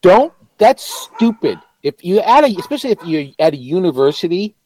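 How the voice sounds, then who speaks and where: A man's voice: high-pitched, very animated, fairly quick, dark tone, poor audio. A man co-hosting a podcast in casual chat, with dry, sarcastic humor. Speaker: podcast co-host.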